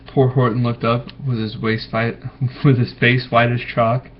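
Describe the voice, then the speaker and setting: Man slowly reading a bedtime story. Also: mid-range voice, flat delivery, a little hiss or hum. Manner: gentle, pausing to ask the children questions. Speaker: parent reading to children. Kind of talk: bedtime story read aloud. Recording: dull lo-fi recording.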